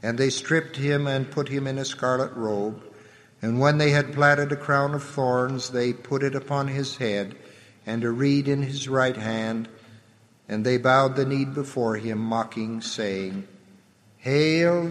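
A man giving a solemn, measured scripture reading, letting his voice drop at the ends of phrases. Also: medium pitch, steady tone, a bit bright. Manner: measured, reverent delivery with the voice dropping at phrase ends. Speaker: scripture reader. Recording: long hall reverb.

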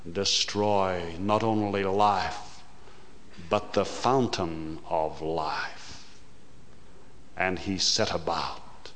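Male preacher, lowish voice, very slow measured sermon delivery with sudden loud surges, reverberant hall. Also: a little hiss or hum. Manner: slow, deliberate preaching that swells loud and fast in bursts.

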